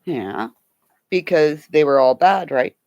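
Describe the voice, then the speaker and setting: Woman, gravelly, slow-talking, rambling casual chat, baby talk to a dog, at home. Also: deep voice, lively intonation, a little mellow, dry recording, lo-fi sound. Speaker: vlogger. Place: at home, indoors.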